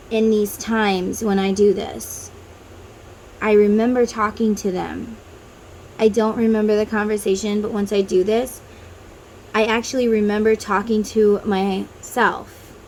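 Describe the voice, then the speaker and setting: A tarot reader with a medium-pitched, darkish voice chats casually with viewers while guiding them through an inner-child meditation, drifting into chatty tangents. The recording is low quality, with a little hiss or hum.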